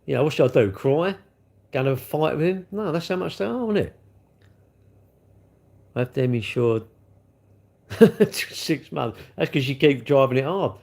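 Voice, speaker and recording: A man's voice: fairly high pitch, animated, moderate pace, gravelly, pauses often, a little mellow. A middle-aged man, rambling chattily on his livestream and reading out viewer comments. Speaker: livestream host. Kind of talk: casual livestream chat.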